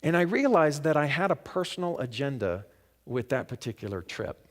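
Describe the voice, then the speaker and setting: A man speaking as a guest preacher at a spiritual center, telling a personal story in a reflective way that sinks to a hush on key lines and lifts on emphatic ones. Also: on the high side, very animated, moderate pace. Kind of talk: storytelling sermon. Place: sanctuary of a spiritual center, before a congregation.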